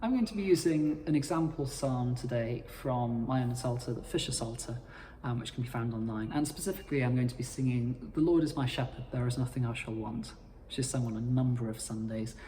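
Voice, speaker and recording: A man explaining how to cantor psalms in a measured, formal instructional talk. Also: mid-range voice, warm tone, big-room sound, a little hiss or hum. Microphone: playing his own accompaniment.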